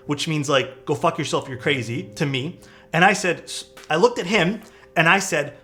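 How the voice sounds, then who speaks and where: A male streamer with a slightly high voice chats loosely with his viewers. He tells stories in a profane, animated way. Faint music plays behind him. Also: normal speed. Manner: loose, profane, animated storytelling with frequent laughs. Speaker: streamer building keyboards. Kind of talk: casual livestream chat and storytelling.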